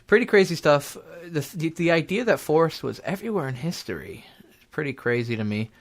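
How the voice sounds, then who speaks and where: A man's voice: on the high side, lively intonation, a little fast. A young man hosting a casual comedy talk show on college radio, rambling and spinning silly made-up stories. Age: young adult.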